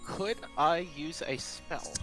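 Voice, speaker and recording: A man's voice: fairly high pitch, takes it slowly, a bit bright, soft background music, poor audio. A man playing a tabletop game who speaks hesitantly, with many "uh"s and "um"s. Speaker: player.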